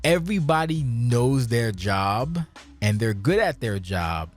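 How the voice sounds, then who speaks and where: A man's voice: medium pitch, slow, soft background music. A man hosting a podcast, talking casually in a rambling, profane way and sounding tipsy. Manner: rambling, profane, animated storytelling. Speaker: podcast host. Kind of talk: casual chat.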